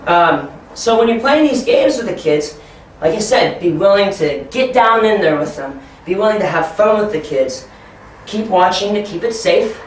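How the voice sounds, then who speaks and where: A man training teachers, talking encouragingly and acting out excited children in a high voice. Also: normal speed, a little hiss or hum. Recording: echoey room from far off.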